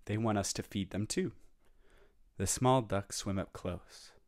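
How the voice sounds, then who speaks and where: Low-voiced guy reading a kids book out loud, makes the sounds with his mouth, dry close sound. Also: measured pace, no echo. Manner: plain storybook reading that acts out sound effects. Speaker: music teacher. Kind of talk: children's read-aloud and activity.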